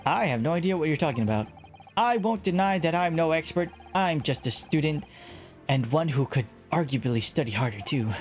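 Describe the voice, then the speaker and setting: A man's voice: fairly high pitch, expressive, a little fast, faint music behind, natural voice. A man voicing a nervous but determined young male law student giving an earnest speech.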